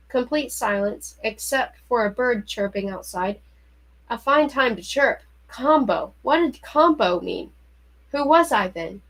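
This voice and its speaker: Woman reading a novel aloud, expressive and fairly high-pitched, startled and anxious in turns. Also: rough recording. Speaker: reader.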